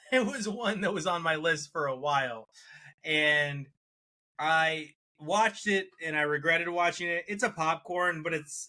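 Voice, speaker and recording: A man chatting as a podcast co-host, with a bright, forceful voice pitched a little high. He talks in an animated, joking way and laughs often between points. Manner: animated, laughs often, mocks accents in quotes. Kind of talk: casual review chat.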